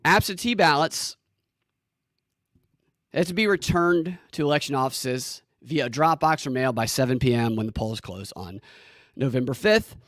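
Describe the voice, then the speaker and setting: A man's voice: medium pitch, expressive, moderate pace, fairly bright tone, no echo, studio quality. A man hosting a solo political commentary show, talking in a sarcastic, emphatic way and often repeating words.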